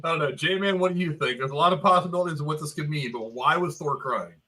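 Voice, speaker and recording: A man hosting a casual movie review talk, animated and theorizing, swearing now and then. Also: on the high side, fast, rough recording. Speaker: podcast host.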